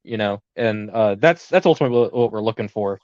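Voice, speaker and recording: A man's voice: lowish voice, animated, quick pace, darkish tone, dry recording, highs cut off. A young man co-hosting a casual podcast, rambling with lots of fillers and easy laughter. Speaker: podcast co-host.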